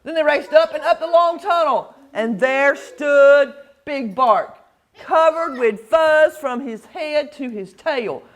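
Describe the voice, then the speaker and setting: A woman reads a picture book aloud at a library story time. Her high voice swings widely, and she takes her time over each line. She plays with every phrase and gets the children to call back. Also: slow. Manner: expressive and playful, leading call-and-response.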